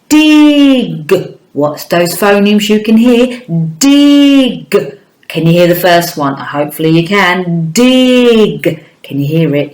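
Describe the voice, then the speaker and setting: A woman teaching phonics to young children, speaking very slowly and warmly encouraging. Her voice sits a little low, and the room around her is echoey. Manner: slow, encouraging, sounds words out.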